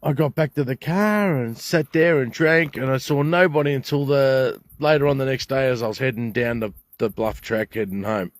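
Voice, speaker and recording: A man's voice: mid-range voice, moderate pace, hardly any pauses, dry recording, studio quality. An older Australian man ranting to camera at a bush campsite, indignant and rambling, swearing heavily. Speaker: vlogger. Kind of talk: angry rant to camera.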